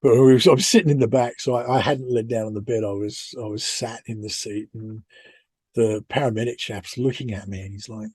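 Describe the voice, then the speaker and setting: A man's voice: fairly low pitch, fairly even intonation, fairly quick, darkish tone, breathy edge, dry recording. A middle-aged British man co-hosting a podcast, telling a personal story in a casual, rambling, self-deprecating way with many restarts. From United Kingdom. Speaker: podcast co-host.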